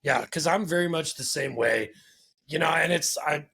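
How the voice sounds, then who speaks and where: A man's voice: on the high side, normal speed, creaky, bright, forceful tone, slight background noise. A man hosting a podcast, talking in an earnest, rambling way and searching for his words. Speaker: podcast host. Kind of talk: casual conversation.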